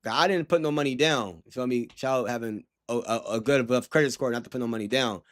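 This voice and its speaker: A man's voice: medium pitch, quick pace, fairly bright tone. A young man talking casually to his livestream chat, rambling with lots of slang and frequent laughter.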